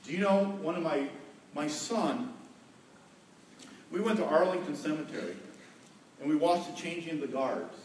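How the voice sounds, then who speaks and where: A middle-aged male pastor gives a sermon on marriage in a folksy, joking way, repeating key words for stress. His slightly high, expressive voice moves at a moderate pace with long pauses. He is far from the mic, picked up from across an echoey hall with a heavy echo and faint room noise behind him.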